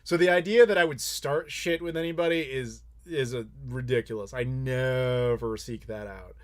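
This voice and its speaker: A man's voice: mid-range voice, normal speed. A male YouTuber hosting a casual live Q&A, talking bluntly and swearing freely as he tells stories. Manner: candid, blunt, swears freely, animated storytelling. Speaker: YouTuber host.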